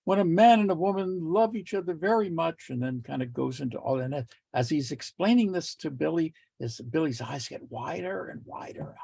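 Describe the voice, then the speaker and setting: Gravelly-voiced man giving a lecture. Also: a little high, normal speed, few pauses, dark tone, no room sound. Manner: tells jokes with quoted voices, laughs lightly. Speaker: communication teacher. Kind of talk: lecture with joke anecdotes.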